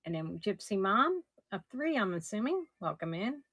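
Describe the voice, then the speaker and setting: A middle-aged woman running a casual live auction, chatty and somewhat hoarse as she loses her voice. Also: medium pitch, sing-song, moderate pace, no echo. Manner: chatty, describes items warmly with soft laughs. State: losing her voice. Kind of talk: casual live-stream selling.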